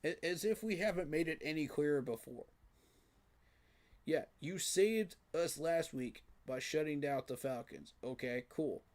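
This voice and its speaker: A man's voice: fairly high pitch, lively intonation, a little slow. A man giving a frustrated, emphatic postgame reaction rant, repeating his points for emphasis. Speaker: sports fan commentator.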